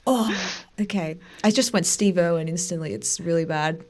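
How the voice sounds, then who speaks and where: An Australian woman co-hosting a podcast in casual chat, jokey and quick to laugh. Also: on the low side. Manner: giggly, jokey. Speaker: podcast co-host.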